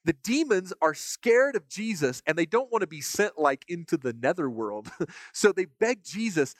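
A man teaching from the Bible in a relaxed, conversational way, reading passages aloud and stopping to comment on them, often repeating a word as he starts a phrase. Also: high-pitched, moderate pace, dry recording. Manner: casual, repeats words when starting phrases; reads scripture aloud between comments. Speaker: preacher.

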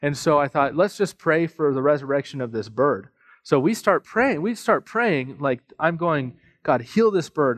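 A man pastor preaching a sermon, telling a personal story in a casual, joking, animated way full of asides. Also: on the high side. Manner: conversational storytelling with self-deprecating humor; animated, with frequent fillers and asides.

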